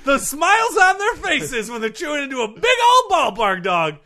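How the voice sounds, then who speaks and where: A man puts on an endlessly sunny young ballplayer in a podcast comedy sketch, yelling out every thought with glee. The voice sits very high, swooping wildly up and down, and sounds piercingly bright. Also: wildly swooping pitch, moderate pace, full character voice. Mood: upbeat. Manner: shouty, over-enthusiastic, always upbeat. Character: relentlessly cheerful young male baseball star.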